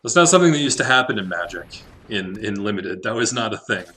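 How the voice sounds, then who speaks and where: A man giving casual commentary on his own card game, thinking out loud, laughing often and swearing now and then. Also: on the low side, big pitch swings, fast. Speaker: Magic Arena drafter, channel host.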